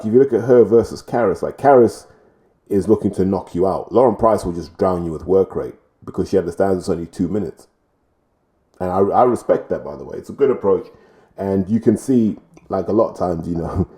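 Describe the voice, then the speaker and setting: A man's voice: low-pitched, warm tone. A man giving blunt, opinionated boxing commentary in a rambling vlog style.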